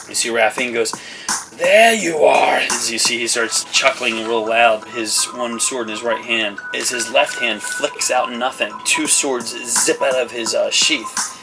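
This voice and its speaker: A man's voice: medium pitch, poor audio. A man narrating a tabletop game as game master, rambling with lots of fillers as he describes the action. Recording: loud background music.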